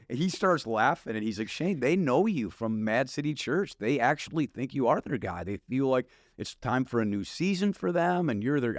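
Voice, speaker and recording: A man's voice: medium pitch, no room sound, clean studio sound. A middle-aged man from Wisconsin telling his testimony as a pastor, laughing often and acting out conversations. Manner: animated, laughs often, acts out dialogue. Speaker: guest pastor. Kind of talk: storytelling testimony.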